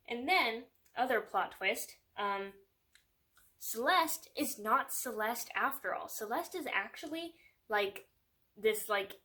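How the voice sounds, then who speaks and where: A woman's voice: medium pitch, sharp tone. Young woman ranting about a book, super casual, sarcastic, lots of like, laughs a bunch. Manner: chatty and sarcastic, fills with "like", laughs often. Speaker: book reviewer. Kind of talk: casual chat.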